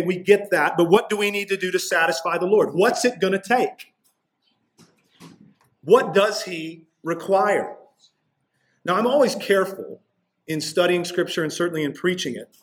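Male pastor, expository sermon, slightly higher voice, emphatic on key lines. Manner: expository preaching, rising intensity on key points.

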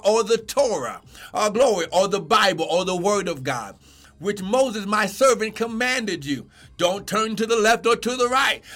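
Fervent, shouting, high-voiced male pastor. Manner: fervent preaching, often shouting, repeating "how glory". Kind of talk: livestreamed sermon.

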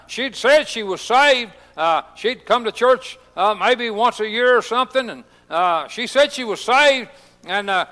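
A man's voice: high-pitched, bright, forceful tone, long reverb tail. A male pastor preaching a sermon, telling folksy stories with lots of "uh" fillers. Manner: folksy storytelling with frequent "uh" fillers.

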